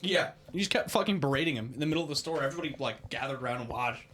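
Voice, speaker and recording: A man's voice: medium pitch, animated, rapid-fire, a bit bright, slight background noise. A young man co-hosting a podcast in crude, laughing casual chat, telling stories. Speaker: podcast co-host.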